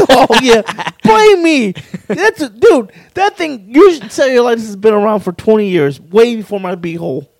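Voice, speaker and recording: A man's voice: sits high, expressive, normal speed, no echo. A man co-hosting a podcast, telling a crude story in casual chat and laughing as he goes. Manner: laughs while telling, acts out others' lines. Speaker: podcast co-host.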